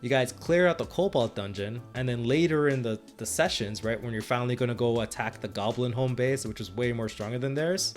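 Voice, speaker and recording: A man's voice: medium pitch, fairly quick, hardly any pauses, soft background music. A man co-hosting a podcast and retelling his tabletop game sessions as game master, rambling with frequent restarts and laughs. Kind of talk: casual chat.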